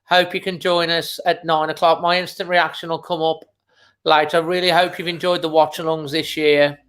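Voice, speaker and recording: A man's voice: fairly high pitch, little pitch movement, moderate pace, fairly bright tone. A man hosting a live fan watchalong, speaking casually and emotionally as he holds back tears and repeats himself. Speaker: fan channel host. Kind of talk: live match watchalong commentary.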